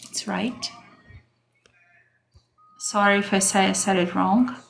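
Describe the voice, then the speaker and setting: A woman's voice: medium pitch, steady tone, slow, vocal fry, fairly bright tone, slight background noise. A woman teaching an English grammar lesson on a livestream, chatting with viewers and greeting them by name.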